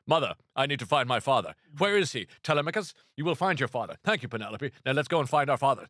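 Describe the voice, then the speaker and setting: A man putting on a pompous, stentorian stage actor playing an ancient hero, raised well above his usual pitch. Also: very animated, quick pace, a bit bright, dry recording, clean studio sound. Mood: grandiose. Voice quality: hammy, stentorian delivery.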